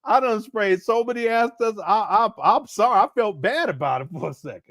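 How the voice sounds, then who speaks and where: A man's voice: high-pitched, lively intonation, brisk, fairly bright tone, no room sound, studio quality. A man hosting a live reaction stream, laughing often, stumbling over his words and talking straight to his chat.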